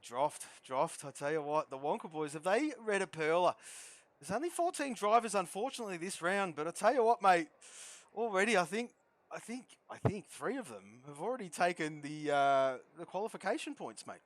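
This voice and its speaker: A man commentating a sim racing league, shouting with excitement at fast laps and laughing at his own jokes. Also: a little high, no room sound. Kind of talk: excitable esports race commentary.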